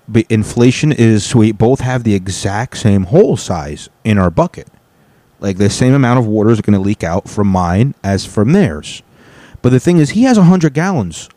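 A man with a lowish voice hosts a solo podcast from home. He rambles and swears in a casual rant, breaking off his own sentences, and the recording is dry and close with no room sound. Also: dark tone, no room sound. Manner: rambling, profane, cuts himself off. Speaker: podcast host. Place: home apartment.

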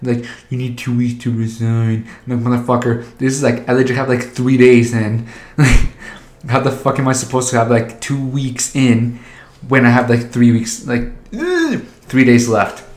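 A man's voice: mid-range voice, normal speed. A man telling stories in casual chat, crude and joking, laughing often. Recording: roomy echo.

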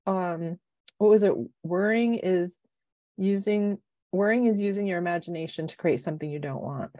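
A middle-aged woman chats on a podcast in a rambling, heartfelt way, jumping between thoughts. Her voice sits at an ordinary pitch for a woman, recorded close and dry with no room sound. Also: no echo. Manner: emotional, rambling, animated self-talk. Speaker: life coach and podcast co-host. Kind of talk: casual podcast chat.

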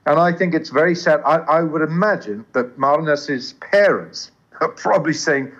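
An older man with a smooth English accent that carries traces of Southern African talks about his work as a commentator. His voice sits a little high, and he speaks with earnest emphasis and frequent restarts. The audio is dull and lo-fi. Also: moderate pace, a bit bright. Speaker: cricket commentator. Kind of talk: interview conversation.

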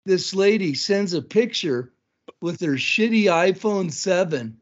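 Man, 50s, from Montana, high voice, animated storyteller, swears, muffled lo-fi sound. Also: a little slow. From Blackfeet country, Montana. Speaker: podcast guest, tournament announcer. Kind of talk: casual storytelling chat. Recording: dull lo-fi recording.

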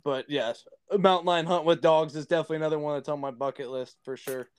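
A man hosting a podcast interview, chatting casually with relaxed, short affirming replies. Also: a little high, fast, clean tone. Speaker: podcast host.

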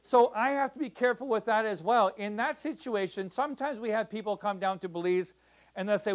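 A man's voice: high-pitched, fairly quick. A man preaching in a church as a missionary pastor, talking to the congregation in a conversational way with many restarts and "right?" checks. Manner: conversational, repeats words, asks the crowd "right?". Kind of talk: sermon.

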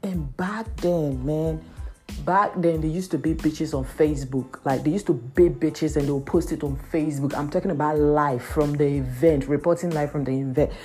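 Young woman, low dark voice, lively casual storyteller. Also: moderate pace, soft background music. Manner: animated, raises pitch sharply for quoted voices, heavy "like" and "man".

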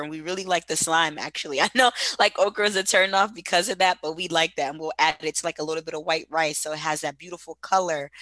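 Casual female podcast guest, bright, dry and close, slangy and laughing. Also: sits low, no room sound. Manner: chatty and laughing, loose slangy phrasing.

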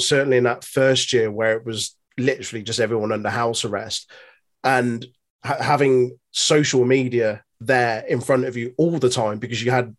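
A man hosting a casual interview, friendly and rambling, who laughs easily. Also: mid-range voice. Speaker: podcast host.

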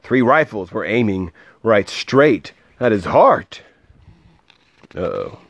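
A man reading a rhyming picture book aloud to a child, with a lively, sing-song delivery and soft asides. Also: on the low side, slow pace, no echo.

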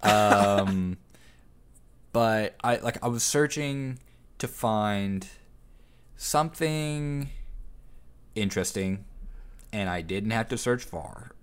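A man's voice: lowish voice, drawn-out words, pauses often, smooth. A man co-hosting a podcast, chatting and reading fan fiction aloud, often laughing as he goes. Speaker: podcast co-host.

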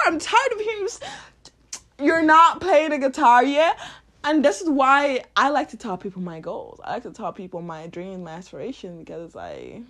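A high-pitched woman delivers a motivational rant on her own podcast. She is blunt and profane, and she laughs as she talks. Her voice swings widely up and down. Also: fairly bright tone. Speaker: podcast host.

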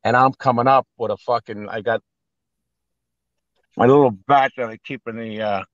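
A man's voice: mid-range voice, normal speed, dry recording, highs cut off. Blunt, profane New York man. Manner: blunt, profane, animated storyteller. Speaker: guest, actor and private chef. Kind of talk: casual storytelling.

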